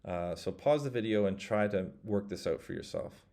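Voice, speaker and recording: A man teaching a casual spoken language lesson, explaining grammar step by step and saying example phrases slowly so the learner can repeat them. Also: fairly low pitch, lively intonation, warm tone. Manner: explains step by step, models phrases slowly and leaves pauses for practice.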